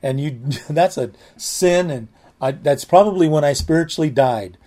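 A man's voice: on the high side, moderate pace, warm tone. A man preaching a sermon, telling a personal story in a rambling, conversational way with many restarts, often saying "man" and "amen".

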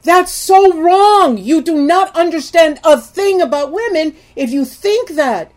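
A middle-aged Christian marriage teacher gives an earnest talk on marriage and intimacy, pleading with viewers she calls "people." Her high-pitched, animated voice moves a little slowly, swinging from loud emphasis to soft, hushed lines.

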